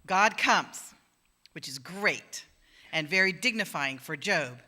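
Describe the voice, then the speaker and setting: A woman's voice: on the low side, expressive, takes it slowly, sharp tone. A woman minister giving a conversational sermon in a church, acting out the voices she quotes. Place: church sanctuary.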